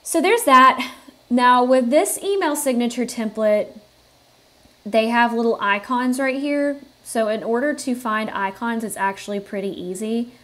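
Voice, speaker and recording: A woman hosting a software tutorial, explaining each step in a relaxed way and thinking aloud with fillers as she works. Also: on the high side, unhurried. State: has the hiccups. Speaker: tutorial host. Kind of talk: screen-recorded software tutorial.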